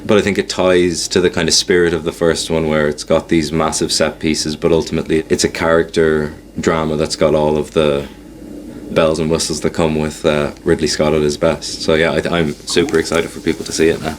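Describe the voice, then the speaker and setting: An Irish man in an interview clip, speaking in a measured, thoughtful way with many kind-ofs. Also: a bass voice, little pitch movement, slight background noise. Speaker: actor in interview.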